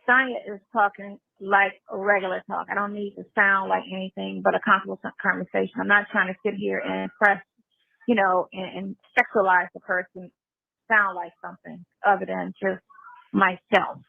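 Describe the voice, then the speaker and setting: Woman rambling on a phone call, gravelly voice, tinny phone-line sound. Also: medium pitch, little pitch movement, moderate pace, no echo. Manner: rambling, acts out other voices, swears freely. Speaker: livestream guest on a phone call. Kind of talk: casual phone chat.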